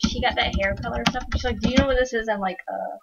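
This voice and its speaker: Teen girl friend in the room, very high voice, teasing, hissy muffled recording. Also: steady tone, racing. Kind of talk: casual chat. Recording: muffled lo-fi mic with clear hiss.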